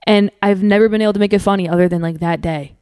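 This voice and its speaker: A woman's voice: mid-range voice, steady tone, very fast, darkish tone, clean tone, dry recording, studio quality. A young woman from Minnesota, a comedian guesting on a podcast, talking candidly and swearing freely. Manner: candid, swears freely, acts out quotes in a raised voice. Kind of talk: casual chat.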